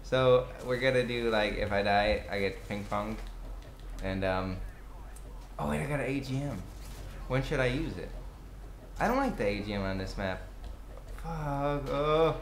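Young male gamer, lively voice jumping high, excitable cursing commentary, echoey room with faint hiss. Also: a little slow, pauses often. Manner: excitable, swears, yells at the game. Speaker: gaming commentator. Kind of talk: live gameplay commentary.

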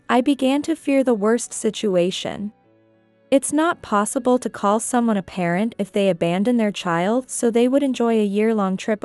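A woman's voice: on the high side, a little mellow, dry recording. Woman narrating a first-person story.

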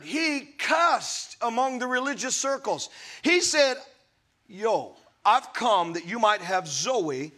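A bright, high-pitched male preacher whose voice swoops up and down as he tells stories and calls out to his congregation. His sermon delivery is lively and full of laughter, with bright, forceful energy. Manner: animated storytelling preacher, laughs and calls to the crowd. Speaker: pastor.

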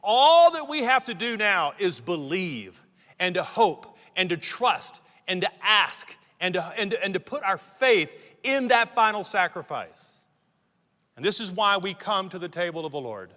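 A man with a high, ringing voice preaches emphatically, restarting phrases as he builds his point. His sermon carries the long reverb of a large church hall. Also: very animated, a little slow, pushed and bright. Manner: emphatic preaching, repeats words when starting sentences. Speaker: pastor.

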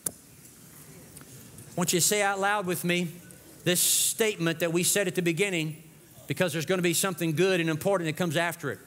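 A man preaching a sermon as lead pastor, telling a story with lively shifts and dropping low for dramatic lines. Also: moderate pace, pauses often. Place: church sanctuary. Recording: long church hall reverb.

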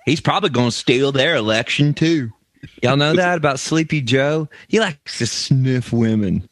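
A man's voice: medium pitch, normal speed, no echo, studio quality, pitched above the performer's own voice, natural voice. A man doing an impression of a brash, boastful male politician, rambling out mocking insults.

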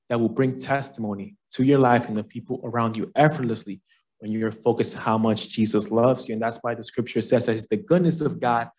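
A young man giving an earnest sermon at a campus fellowship, slowing down on key phrases. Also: medium pitch, a little mellow. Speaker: guest speaker at a campus fellowship.

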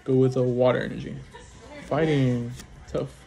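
A man talking casually at home while he opens card packs. He rattles off card names in quick succession and breaks in with short, excited reactions. His voice sits at an ordinary middle pitch for a man. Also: gravelly. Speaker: card-opening channel host. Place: at home at a small table.

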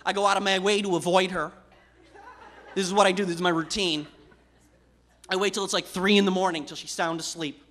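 Brief: young male comedian on stage, high bright voice, chatty delivery that ramps up into shouts. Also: fairly even intonation, brisk, long pauses. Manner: loose, conversational, building to shouts. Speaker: stand-up comedian. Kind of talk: stand-up comedy routine. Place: theater stage before a live audience.

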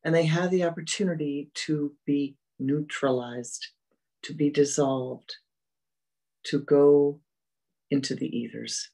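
Unhurried, breathy-voiced teacher for a gentle, repetitive meditation talk. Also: mid-range voice, fairly even intonation, poor audio. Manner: slow, gentle and repetitive, fading to soft murmurs. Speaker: spiritual teacher.

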